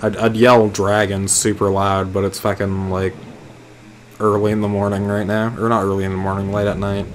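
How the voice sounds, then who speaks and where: A young man talks over his gameplay in a lowish voice, cursing and joking as he rambles. His delivery is casual and loose. A faint hiss sits under the recording. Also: level tone, moderate pace. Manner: profane, rambling, jokey. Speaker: gaming video host. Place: indoors at home, late at night.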